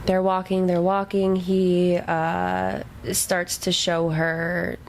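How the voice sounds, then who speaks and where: A woman's voice: on the low side, monotone, slow, a little hiss or hum, poor audio. A woman co-hosting a casual book podcast, talking loosely and swearing freely. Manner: casual and profane, with frequent agreeing fillers. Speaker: podcast co-host.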